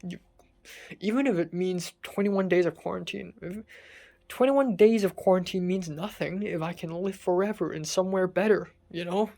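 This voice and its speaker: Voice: mid-range voice, moderate pace, gravelly, mellow. A young adult from Hong Kong telling a personal story in a casual monologue, venting in an exasperated way and swearing often. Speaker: vlogger.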